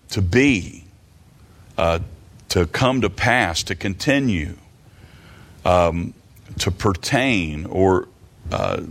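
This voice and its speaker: A man teaching from the Bible in a sermon, halting and repeating words, slowing down for emphatic quotes of scripture. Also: on the low side, slight background noise. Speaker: preacher.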